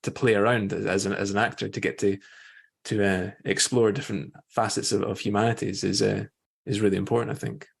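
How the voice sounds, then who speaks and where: A man's voice: lowish voice, flat delivery, brisk, gravelly, slightly rough. A man hosting a podcast, musing thoughtfully with frequent hesitations and fillers. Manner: reflective, hesitant, many fillers. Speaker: podcast host. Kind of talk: casual interview chat.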